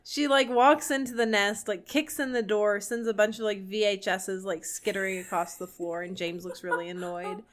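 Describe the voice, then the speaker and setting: A young woman co-hosting a podcast, rambling through an animated story full of fillers in casual chat. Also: medium pitch, moderate pace, few pauses. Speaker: podcast co-host.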